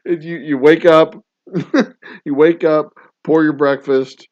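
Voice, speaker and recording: A man's voice: fairly high pitch, fairly even intonation, slow pace, no echo. A man hosting a casual livestream, reading a news story and riffing on it in a profane, incredulous way, in a dull, dry lo-fi recording. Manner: profane, incredulous, laughing riffs. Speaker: host.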